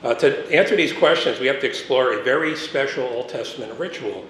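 A man's voice: mid-range voice, brisk, hardly any pauses, fairly bright tone. Preacher man in an echoey room. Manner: reads verses aloud, breaks off to explain, frequent "uh" and "um". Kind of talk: sermon with scripture reading. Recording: echoey room, faint background noise.

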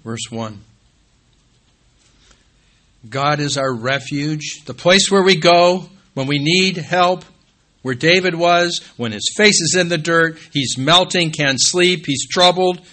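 Bright-voiced man preaching a sermon. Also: slow. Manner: rises to emphatic peaks, drops low and quiet when calling out scripture references. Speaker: pastor.

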